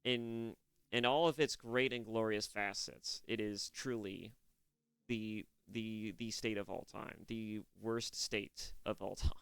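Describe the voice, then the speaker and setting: A man's voice: on the low side, fairly even intonation, slow pace, a bit bright, smooth, dry recording. A young man from California giving casual, profane reaction commentary, rambling with restarts. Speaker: reaction streamer.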